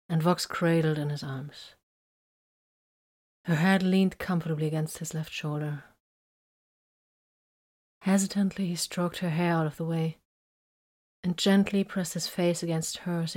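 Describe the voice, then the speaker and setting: A woman reads a romantic story aloud in an intimate, hushed voice, often slipping into a whisper. Her pitch sits a touch low and her reading is unhurried. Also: fairly even intonation. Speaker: narrator.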